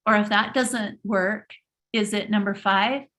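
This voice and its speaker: A woman's voice: mid-range voice, fairly even intonation, unhurried, fairly bright tone. A woman hosting a live motivational talk, speaking emphatically and preachily, often repeating and restarting her words. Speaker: host of a live motivational stream.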